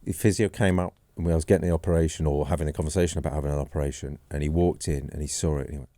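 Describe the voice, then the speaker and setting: Podcast guest, man, 40s: low mellow voice, dry studio sound, rambling self-deprecating storyteller. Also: fairly even intonation, rapid-fire, no echo. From England. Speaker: podcast guest, former goalkeeper. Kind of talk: casual storytelling.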